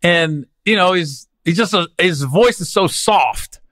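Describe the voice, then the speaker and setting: A podcast host and comedian with a high-pitched voice tells comic stories at a measured pace, in a recording with no room sound. He's animated and slangy, rambling and restarting in a casual way.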